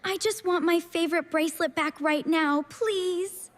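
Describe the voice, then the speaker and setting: Brief: whiny young girl, voiced by a woman, slow storybook delivery. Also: very high voice, in a large hall. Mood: upset. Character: young girl upset over lost bracelet.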